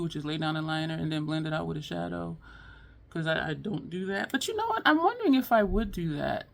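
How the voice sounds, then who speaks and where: A woman's voice: fairly low pitch, gravelly, slight background noise. A woman filming a casual makeup tutorial at home, chatting to viewers with frequent laughs and teary eyes. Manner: chatty, laughs often, addresses viewers as y'all. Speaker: beauty vlogger.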